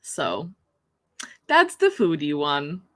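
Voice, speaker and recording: A woman's voice: deep voice, huge pitch swings, takes it slowly, bright, forceful tone. A woman chatting casually on a livestream, giggling often as she talks. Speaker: book streamer.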